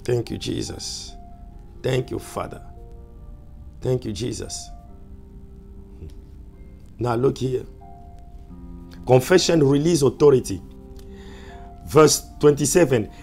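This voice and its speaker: Slow, deliberate preaching man. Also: gravelly, husky, soft background music. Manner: repetitive emphatic preaching, drops to soft low asides. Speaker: pastor. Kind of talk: sermon.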